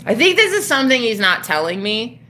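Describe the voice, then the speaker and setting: Young woman streamer, bright sharp voice, rambling storyteller who swears and jumps from loud to hushed. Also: fairly high pitch, brisk, slight background noise. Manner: animated, swearing, swings between loud outbursts and hushed murmurs. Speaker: livestream host.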